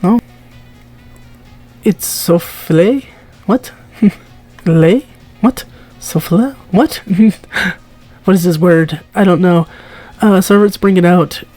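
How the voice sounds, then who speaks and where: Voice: medium pitch, unhurried, dark tone, faint music behind. A streamer reading a text game aloud, giggling often, stumbling over words and asking confused asides.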